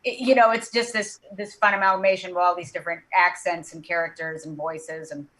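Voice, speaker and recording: A woman voice actor chatting on a video call panel, animated, with many restarts and repeated words. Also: lowish voice, a little fast. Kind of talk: casual panel chat.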